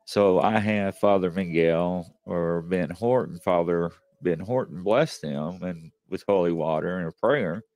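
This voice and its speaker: A man with a lowish voice, recorded close and dry with no room sound. He hosts casually, rambling through an anecdote with plenty of fillers. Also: measured pace, few pauses, a little mellow, dry recording. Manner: chatty and anecdotal, with many fillers. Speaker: host. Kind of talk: casual storytelling.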